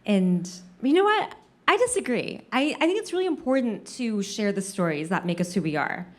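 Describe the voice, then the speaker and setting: A woman comedian telling a funny personal story on stage, with an animated, self-deprecating delivery. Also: medium pitch, normal speed.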